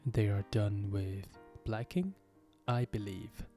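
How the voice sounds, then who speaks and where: A man's voice: on the low side, slow, dark tone, soft background music. A man voicing a curious, polite young girl in a storybook reading, a little timid.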